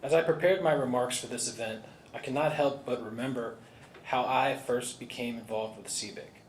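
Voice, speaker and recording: The board chairman gives earnest prepared remarks from a podium at an indoor gala held in a large banquet hall. His voice is medium-pitched and his pace is normal. A little hiss or hum sits under the roomy hall sound, which carries faint ambience.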